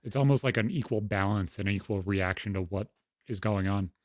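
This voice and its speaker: A man's voice: on the low side, a little fast, no echo, studio quality. A young man on a podcast, talking frankly and swearing constantly as he tells stories from home. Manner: frank, heavy swearing, storytelling. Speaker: podcast co-host. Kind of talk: casual podcast conversation.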